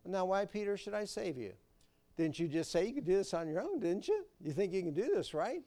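A man's voice: sits high, normal speed, darkish tone, smooth, pitched above the performer's own voice, lightly acted. A male preacher voicing a wry teacher who teases and chides with rhetorical questions. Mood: teasing. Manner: teasing, chiding, rhetorical.

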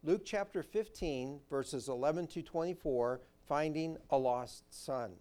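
A man pastor preaching a sermon, introducing a scripture passage and reading it aloud in a measured way. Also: on the high side, warm tone.

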